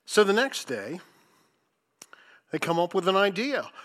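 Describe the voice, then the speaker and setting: Slow, dramatic male preacher. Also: sits high, sing-song. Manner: dramatic swings between loud emphasis and hushed asides; sarcastic commentary on scripture. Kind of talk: sermon.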